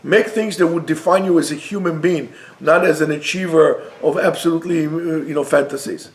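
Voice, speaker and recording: A man, a rabbi, giving a Torah lecture, emphatic and rising to near-shouts on key points. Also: a little high, a little fast. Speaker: rabbi teaching a class. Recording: roomy echo.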